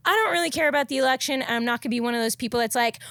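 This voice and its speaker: A young woman, hosting a podcast and telling a story in casual, profane, animated chat. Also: sits high, rapid-fire, gravelly, no echo. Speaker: podcast host.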